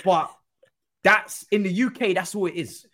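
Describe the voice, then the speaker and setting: A man telling an animated story in casual chat, acting out other people's voices. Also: high voice, moderate pace. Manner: animated, acts out quoted voices. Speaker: guest football pundit.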